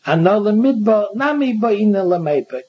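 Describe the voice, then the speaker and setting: Yeshivish guy going thru talmud, husky kinda highish voice, dull lo-fi sound, stops and restarts a lot. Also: lively intonation. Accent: Yeshivish English. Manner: halting, repeats words and restarts, reads Aramaic then translates. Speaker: Talmud teacher. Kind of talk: explaining a Talmud text aloud. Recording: dull lo-fi recording.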